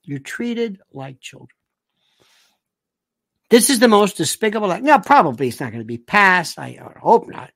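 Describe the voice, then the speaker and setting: A woman's voice: mid-range voice, very animated, moderate pace, pauses often, a bit bright, no echo, clean studio sound. A woman giving a political commentary monologue, indignant and sarcastic, who hammers points by repeating phrases. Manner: sarcastic and scornful.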